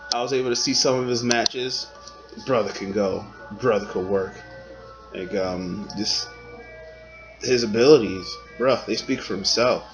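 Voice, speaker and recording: A man's voice: medium pitch, low-quality recording. A man giving casual, rambling commentary on his favorite wrestlers, talking in slang and filling gaps with "like" and "um". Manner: laid-back, slangy, rambling with fillers.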